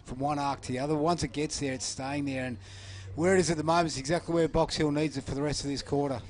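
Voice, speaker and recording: A man's voice: on the high side, fairly even intonation, quick pace, a little mellow. A man giving football analysis on radio, with dry, wry remarks. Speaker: expert commentator.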